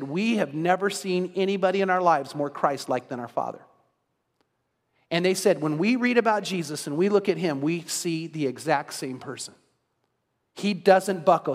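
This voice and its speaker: A man's voice: sits high, big-room sound. A man preaching an earnest evening sermon as pastor, emphatic and repetitive in his phrasing.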